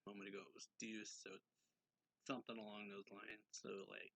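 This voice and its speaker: Guy rambling through a manga recap, lots of filler, kinda low voice, dry close sound. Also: flat delivery, brisk, creaky, bright, forceful tone, no room sound. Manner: rambling, filler-heavy, loose and offhand. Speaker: manga chapter reviewer. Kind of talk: casual recap of a manga chapter.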